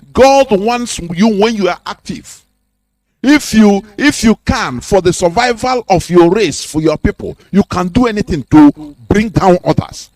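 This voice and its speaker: Radio host preaching hard, high voice that jumps all over, dry close mic. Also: male voice, dry recording. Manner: preachy, emphatic, rhetorical questions with chuckles. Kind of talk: impassioned radio talk.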